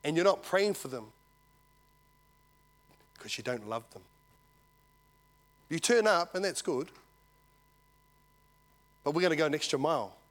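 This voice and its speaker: His voice a little high, the pastor speaks a little slowly with frequent pauses. He's giving a sermon built around an animated story, playing the different voices and asking the church "Amen?"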